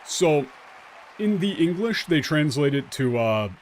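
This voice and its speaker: A man streaming a game, casually explaining the translation in an animated, blunt and sarcastic way. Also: on the high side, measured pace, some chatter behind, slight background noise. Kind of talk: casual gameplay commentary.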